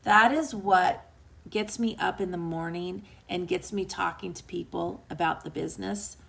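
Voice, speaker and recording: Speaking on the low side with a gravelly texture, fairly even intonation and normal pace, a woman author leads a book club livestream. Her heartfelt motivational talk is emotional and earnest, dipping soft and quiet, and she chattily reads out comments from live viewers.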